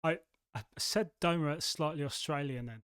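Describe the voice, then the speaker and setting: English guy cohosting a podcast, rambly and animated, kinda high voice. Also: moderate pace, smooth, dry recording. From England. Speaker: podcast co-host. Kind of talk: casual chat. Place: studio.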